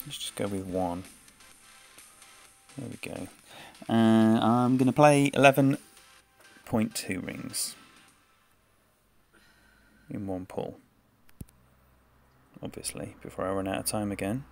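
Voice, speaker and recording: A man's voice: fairly low pitch, takes it slowly, pauses often. A man giving live gameplay commentary and chatting with his viewers by name, laughing easily. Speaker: game streamer. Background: faint game music.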